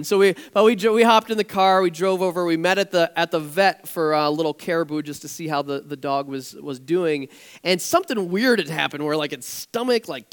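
Preaching a casual sermon full of stories in a church, this male pastor has a high, smooth voice. He becomes animated and close to shouting whenever he gets excited.

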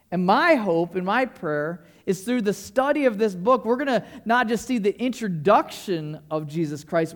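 Casual enthusiastic male pastor preaching. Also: high voice. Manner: casual, enthusiastic, asks the congregation questions. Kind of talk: sermon. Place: church service.

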